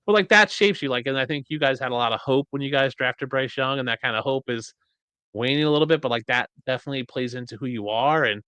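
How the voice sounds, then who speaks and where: Bright-voiced man hosting a podcast. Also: medium pitch, quick pace, clean tone, no room sound. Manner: animated storyteller, acts out quotes. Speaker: podcast host. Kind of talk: casual chat.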